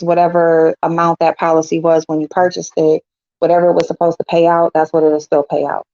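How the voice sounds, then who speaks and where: A middle-aged woman with a deep, darkish voice hosts a casual chat with viewers, speaking bluntly and swearing freely. The recording is dry, with a dull lo-fi sound.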